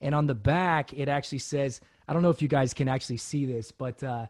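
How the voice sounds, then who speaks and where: A man's voice: mid-range voice, brisk. A man who hosts a casual chat and tells military training stories with laughs and acted-out quotes. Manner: animated, laughs often, acts out quotes. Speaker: podcast host, former Navy special operator.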